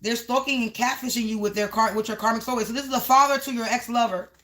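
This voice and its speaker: A woman's voice: a little high, steady tone, fast, fairly bright tone. A woman giving a livestream tarot reading, speaking in repetitive, half-rhyming phrases and addressing viewers as the collective. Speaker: tarot card reader.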